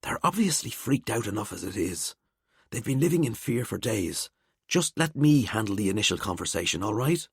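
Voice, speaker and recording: A male narrator voicing a living skeleton detective who talks in a wry, chatty, calm way. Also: mid-range voice, moderate pace, breathy edge, dry recording, studio quality, full character voice. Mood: reassuring.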